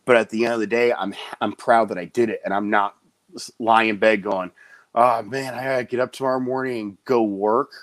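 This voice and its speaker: Man, clown performer, low voice, animated storytelling, dry close sound. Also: dry recording. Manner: animated storyteller, does quick high voices for quoted people. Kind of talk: casual interview chat, storytelling.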